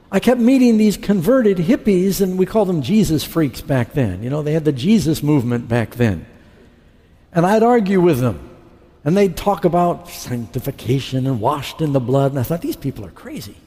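A man's voice: a little high, mellow. A middle-aged man preaching a sermon, telling his conversion story and acting out his past dialogue. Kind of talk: sermon testimony. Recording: long hall reverb.

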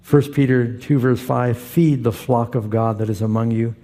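Gravelly dark-voiced male pastor. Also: mid-range voice, steady tone, normal speed. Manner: storytelling, acting out quotes in other voices. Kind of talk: sermon.

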